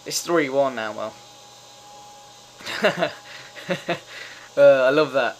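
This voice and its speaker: Excitable young man swearing. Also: medium pitch, normal speed, a little hiss or hum, low-quality recording. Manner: excitable, swears often, cheers at goals. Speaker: gamer doing live commentary. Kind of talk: casual live gameplay commentary.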